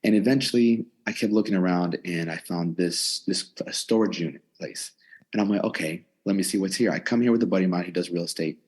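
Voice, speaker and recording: A gym owner and personal trainer in his twenties talks through his story in a casual interview, animatedly acting out what he and others said. He speaks fairly quickly in a low, slightly rough voice, from his gym inside a converted storage unit.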